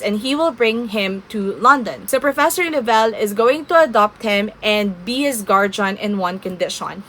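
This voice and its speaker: Bright, chatty young woman book vlogger. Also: medium pitch. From Philippines. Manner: gushing, emotional, chatty. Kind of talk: casual reading vlog.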